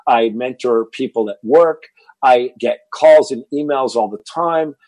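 A man's voice: medium pitch, unhurried, no echo. A man in his fifties from Texas, a fitness entrepreneur, telling stories in an interview and stumbling over repeated words. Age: 50s. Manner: animated storyteller, repeats words when excited. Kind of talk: interview storytelling.

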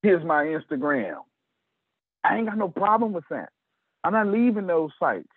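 A middle-aged man giving an animated business pep talk to his team, acting out conversations in shifting voices. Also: sits high, normal speed, husky, no room sound, phone-quality sound.

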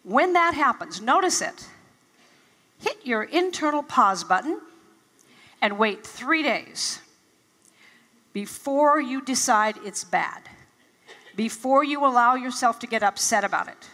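A woman's voice: on the high side, lively intonation, takes it slowly, long pauses, pushed and bright. An older woman giving a motivational talk to a live audience, telling stories and acting out her own past reactions with animation. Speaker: motivational speaker. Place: large event hall. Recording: reverberant hall.

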